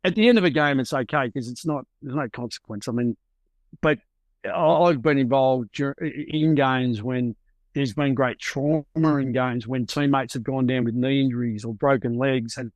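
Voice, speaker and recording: A man's voice: medium pitch, normal speed, dry recording. A middle-aged Australian man, a football coach, gives candid, reflective interview answers and searches for his words.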